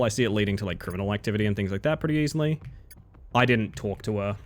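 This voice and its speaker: A man's voice: lowish voice, very fast. A man streaming live, talking in a loose, rambling way and filling gaps with "like" and "you know". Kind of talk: casual live-stream chat.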